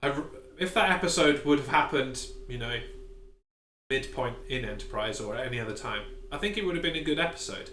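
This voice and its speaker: A man's voice: medium pitch, lively intonation, a little fast, reverberant, background noise. A man co-hosting a live stream, talking in a casual chat as an eager, opinionated fan. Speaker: co-host.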